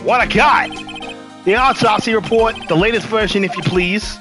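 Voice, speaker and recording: A streamer voicing a gruff, bumbling male detective in a New York accent, calling everyone "pal", over game music. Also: mid-range voice, moderate pace, pitched above the performer's own voice, close to an everyday voice. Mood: blustery. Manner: tacks "pal" onto lines, loud and blustery.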